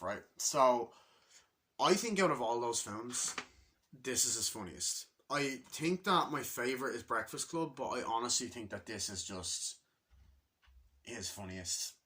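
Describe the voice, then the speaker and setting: A man talks through a film in a casual spoken review, rambling and enthusiastic, with frequent swearing. His voice is bright and forward, at a middling pitch. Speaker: movie reviewer.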